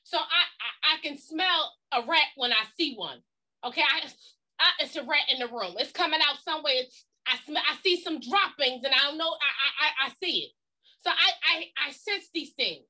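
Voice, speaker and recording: Woman co-pastor, high-pitched and bright, blunt folksy preacher. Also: normal speed. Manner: emphatic, folksy and blunt, with repeated catchphrases. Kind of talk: preaching-style talk on a livestream.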